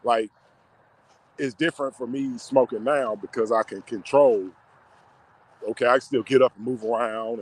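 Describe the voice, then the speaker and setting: A man telling a personal story to camera in a slangy, emotional, drawn-out way. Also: mid-range voice, steady tone, low-quality recording.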